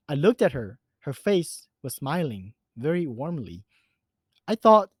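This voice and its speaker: A man's voice: a little high, sing-song, a little slow, no room sound. Man narrating a first-person horror story.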